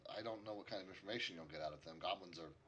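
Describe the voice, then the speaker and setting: A man doing a low-voiced logging camp boss. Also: sharp tone, slight background noise. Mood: matter-of-fact. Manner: halting, full of fillers. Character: easygoing male logging camp boss who keeps goblins.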